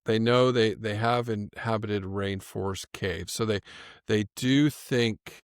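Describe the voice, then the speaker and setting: Low-voiced chatty male podcast host. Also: steady tone, slow, clear, resonant tone, dry recording, studio quality. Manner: chatty, laughs often, frequent restarts. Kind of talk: casual chat.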